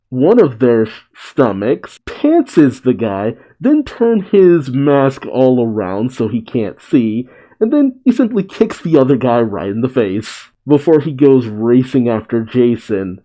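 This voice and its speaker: Casual comic reader, man, chatty asides, slightly muffled recording. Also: mid-range voice. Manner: chatty asides between read lines. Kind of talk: casual comic read-aloud.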